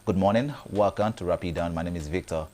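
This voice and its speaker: A man with a very deep voice co-hosting a breakfast show. He talks in a relaxed, easy way, backing his co-host up with short agreements and laughs. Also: quick pace. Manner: relaxed, backchanneling with frequent laughs. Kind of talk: casual morning show chat.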